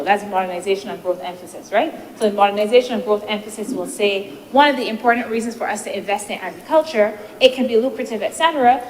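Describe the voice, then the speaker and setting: A woman senator giving a measured, deliberative parliamentary speech, posing rhetorical questions, into a desk microphone in a legislative chamber. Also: mid-range voice. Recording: reverberant chamber with faint noise.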